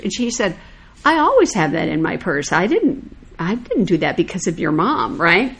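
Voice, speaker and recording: A woman's voice: on the low side, normal speed, slightly rough. An older woman casually telling a story in conversation, acting out what people said. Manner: animated anecdotal storyteller, acts out quoted lines. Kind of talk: casual chat.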